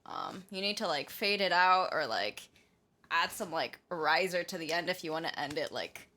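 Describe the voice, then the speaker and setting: Female co-host, worn out and tipsy, lower voice that swings a lot. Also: lively intonation, moderate pace, bright, forceful tone. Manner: rambling, many "like"s, giggly. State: tired and a bit tipsy. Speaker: co-host reviewing music. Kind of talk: casual livestream chat.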